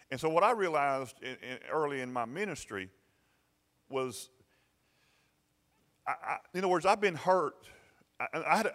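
A middle-aged pastor with a Southern American accent tells a personal story during a sermon in a church sanctuary, the recording carrying a hall's long reverb. He is folksy, stumbling over repeated words and chuckling often, in a medium-pitched, slightly bright voice.

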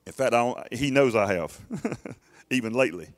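A man's voice: mid-range voice, animated, normal speed. A middle-aged man preaches to his church in an emphatic, urging way. He stumbles and restarts often as he presses his point. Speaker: pastor. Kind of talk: sermon.

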